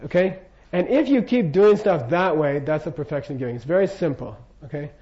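A man's voice: fairly high pitch, expressive, a little fast, dark tone. An older man giving an informal Buddhist lecture, casual and jokey, often checking in with his listeners. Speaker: Buddhist teacher. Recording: dull lo-fi lecture recording.

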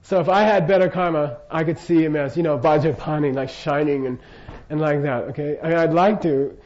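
Older guy giving a laid-back dharma talk, kinda high voice, keeps asking okay?, muffled old tape sound. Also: fairly even intonation, fairly quick, a little mellow. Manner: casual, jokey, keeps checking in with the audience. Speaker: Buddhist teacher. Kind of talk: informal dharma lecture. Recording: dull lo-fi lecture recording.

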